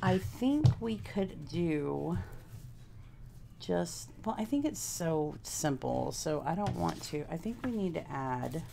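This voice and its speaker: A woman's voice: deep voice, animated, slow, gravelly, warm tone, slight background noise. A woman from Texas, chatting casually with live viewers while she works on a craft project and thinks aloud. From Houston, Texas. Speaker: craft vlogger.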